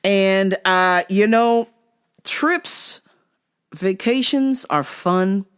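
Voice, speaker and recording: A woman's voice: mid-range voice, extremely slow, fairly bright tone, smooth. A woman hosting her own online radio show in a casual, joking monologue, laughing often and swearing freely. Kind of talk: casual solo podcast monologue.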